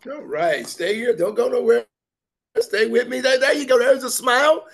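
A man leading a workshop, lively and encouraging, repeating his phrases. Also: very high voice, normal speed, gravelly, breathy edge. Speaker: workshop presenter. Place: conference workshop room.

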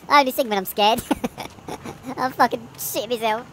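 A woman's voice: on the high side, slow pace, a bit bright, slight background noise. A woman giving nervous, jumpy commentary while playing a horror game, swearing often and laughing through the fear. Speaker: let's play gamer.

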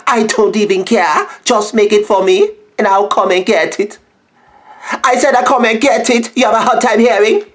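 A man's voice: high-pitched, normal speed, lightly acted. A man voicing a rude, demanding customer on the phone in a comedy skit, impatient and brusque.

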